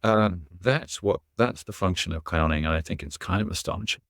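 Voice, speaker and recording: A middle-aged man, an actor and educator, telling an animated story as a podcast guest and acting out the people in it. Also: sits low, fairly quick, no room sound, studio quality. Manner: animated, acts out quoted voices.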